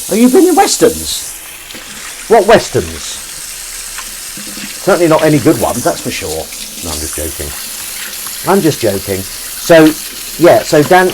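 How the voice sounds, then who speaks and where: Man, livestream host, rambling comedy chatter, very animated pitch, kitchen washing up. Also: slight background noise, poor audio. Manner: rambling, self-mocking banter with frequent ums and jokey asides. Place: home kitchen at the sink.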